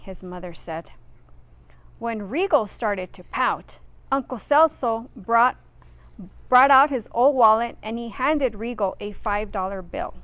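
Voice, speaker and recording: A woman's voice: on the high side, expressive, unhurried, a bit bright. A woman reading a children's picture book aloud expressively, adding friendly asides for her listeners. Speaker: reader.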